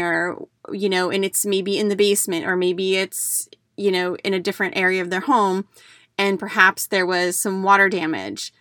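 A middle-aged American woman hosts a podcast as a declutter coach, chatting casually in a storytelling style full of fillers and restarts. Her voice is medium-pitched, steady and a bit bright, at a moderate pace. The studio-quality recording has no room sound.

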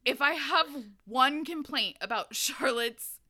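A woman's voice: high voice, animated, slow, pushed and bright. A woman hosting a casual chat about a book, talking loosely with lots of "like" and swearing. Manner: chatty, profane, filler-heavy, giggly. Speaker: podcast host recapping a book.

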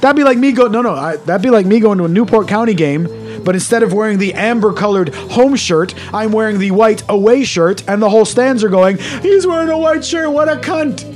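A Canadian man co-hosting a podcast in casual banter, ranting loudly and swearing a lot. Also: sits high, brisk, soft background music. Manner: loud, ranting, heavy swearing. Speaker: podcast co-host.

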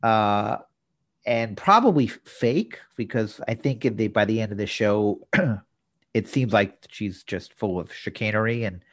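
A man's voice: on the low side, unhurried. A man co-hosting a podcast, retelling a sitcom episode's plot in detail with dry asides. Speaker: podcast co-host. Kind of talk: casual episode recap.

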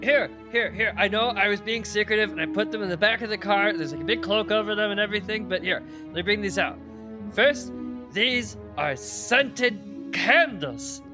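Excitable rambling high-voiced man. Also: normal speed, over music. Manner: rambling, excitable, many restarts. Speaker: player. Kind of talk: tabletop role-play in character.

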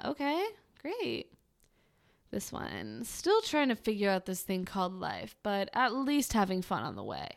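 Sarcastic young woman podcaster. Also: mid-range voice. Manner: sarcastic, wry, mocking. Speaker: podcast host. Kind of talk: casual podcast commentary.

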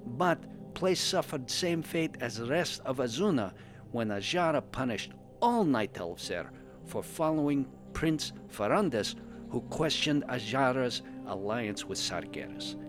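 Man playing a pandaren adventurer, broken english, lively swooping voice, faint music underneath. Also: medium pitch, measured pace, close to an everyday voice. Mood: cheerful. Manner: broken English, drops articles and verb endings. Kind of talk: in-character fan podcast storytelling.

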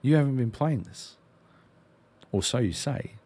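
A man voicing a shifty, pushy fellow player, in quick indignant bursts. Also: mid-range voice, lively intonation, darkish tone, husky, pitched above the performer's own voice. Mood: scoffing.

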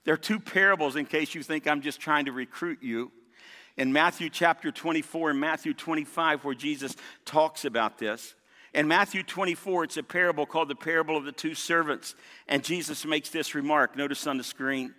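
In a fairly high, bright voice with a forceful tone, this man preaches at a brisk pace. As pastor he hammers key points through repetition and calls for the congregation's responses, his words trailing in the long reverb of a large church sanctuary.

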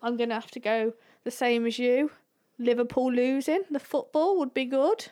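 Woman, podcast co-host, relaxed casual chat, slightly high voice. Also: moderate pace. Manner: easygoing, guides the exercise.

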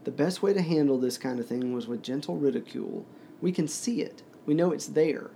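A man's voice: on the high side, brisk, mellow, a little hiss or hum, close to an everyday voice. A man reading aloud and voicing a patronizing adult man who speaks drily and dismissively. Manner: dry, dismissive.

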